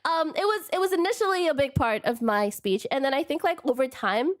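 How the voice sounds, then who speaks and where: A bubbly young woman streams live and chats with her viewers. She has a non-native English accent, and her high voice swoops up and down. She giggles through casual banter at a desk mic. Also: animated, a little fast. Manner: bubbly, giggly, says "question mark" as a verbal tic. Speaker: VTuber streamer.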